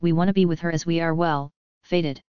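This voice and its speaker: A woman voicing a gentle young male werewolf heir in an audiobook. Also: sits low, steady tone, fairly quick, clear, resonant tone, no echo, muffled recording, natural voice.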